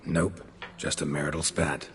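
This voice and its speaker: A man's voice: extremely low pitch, little pitch movement, normal speed. An actor playing a grizzled male monster hunter in a video game, speaking in terse, dry, clipped replies. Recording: game audio with music behind.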